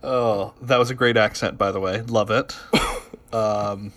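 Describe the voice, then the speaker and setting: A man's voice: fairly low pitch, fairly even intonation, unhurried, fairly bright tone. Chatty man co-hosting a film podcast. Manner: chatty, hedging with fillers. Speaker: podcast co-host. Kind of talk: casual film chat.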